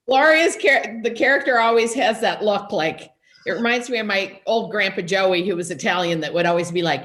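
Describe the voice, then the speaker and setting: A woman actor as an interview guest, playful and animated. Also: mid-range voice, normal speed. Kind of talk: casual interview chat.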